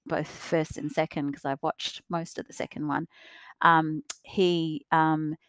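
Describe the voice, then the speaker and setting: A woman's voice: sits low, little pitch movement, unhurried, fairly bright tone, no echo. A woman guest on a podcast, speaking casually and hesitantly, with many fillers and restarts. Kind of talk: casual discussion.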